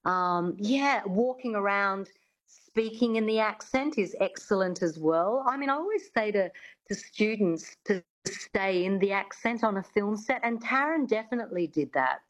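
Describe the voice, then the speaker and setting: A woman's voice: medium pitch, animated, moderate pace, poor audio. A woman accent coach talking as an interview guest, chatty and full of restarts.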